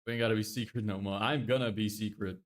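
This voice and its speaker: Young man, live-stream chat, low voice, frequent swearing, exasperated. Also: steady tone, fast. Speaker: livestreamer.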